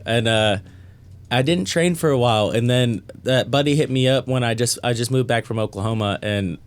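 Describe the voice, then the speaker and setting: A man's voice: medium pitch, moderate pace, clean tone. Laid-back swearing man telling stories. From North Texas. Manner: laid-back, swears freely, acts out quotes. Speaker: guest. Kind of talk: casual podcast chat.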